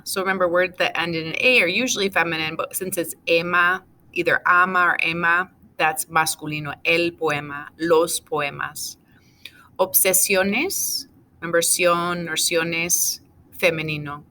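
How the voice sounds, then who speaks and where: A woman teaching a recorded class, going over answers item by item in a steady, methodical way. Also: on the low side, normal speed, slight background noise. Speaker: Spanish teacher.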